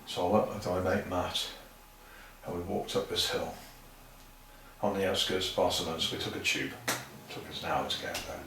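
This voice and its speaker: A guest saxophonist on a podcast rambles through casual anecdotes, swearing freely and acting out other people's lines. His voice is low, a bit bright, and a little fast. The mic is far off in an echoey room, with a touch of hiss or hum.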